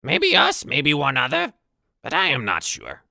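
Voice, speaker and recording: A man voicing a small, bloodthirsty male goblin chieftain who speaks in a shrill, shouting voice. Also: huge pitch swings, unhurried, vocal fry, no room sound, clean studio sound, exaggerated voice. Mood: brash.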